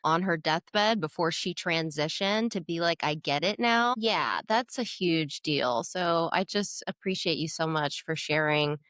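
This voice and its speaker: Woman hosting a podcast, real low voice, affirming and reflective, dry mic. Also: unhurried, few pauses, fairly bright tone, dry recording. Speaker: podcast host. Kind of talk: podcast interview.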